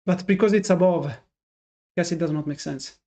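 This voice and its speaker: A man's voice: a little high, brisk, dark tone. A man streaming his live day trading and talking to his chat, frustrated and self-critical, thinking aloud with many restarts. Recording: dull lo-fi sound.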